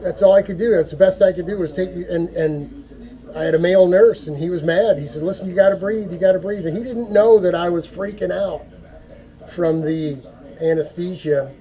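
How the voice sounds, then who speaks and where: A man giving an earnest, folksy prayer talk to camera, halting and repeating words as he goes. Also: high voice, mellow. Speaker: go-kart hobby vlogger.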